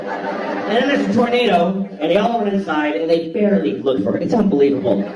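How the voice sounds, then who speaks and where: Man doing stand-up, blunt, profane, acts out voices; lively high pitch, recorded far off in an echoing theater over crowd laughter. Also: a little fast. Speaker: stand-up comedian. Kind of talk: stand-up comedy routine. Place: theater stage before a live audience. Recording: echoey hall, distant mic, audience laughter.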